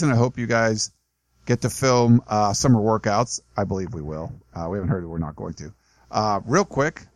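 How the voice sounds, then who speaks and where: A man's voice: on the low side, dry recording. Male host reading out fan questions, plain and dry.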